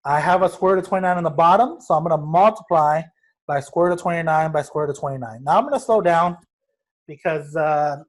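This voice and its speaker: Young male math teacher, slightly high voice, relaxed joking classroom delivery. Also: fast. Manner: casual and joking, talks to students as guys. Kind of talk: recorded math lesson.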